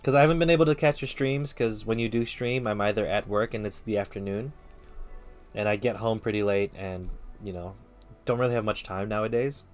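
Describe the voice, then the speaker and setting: A laid-back man streaming, chatting loosely with viewers in slangy, friendly asides. His voice sits somewhat low, with faint music underneath. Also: steady tone, brisk. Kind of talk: casual chat with viewers.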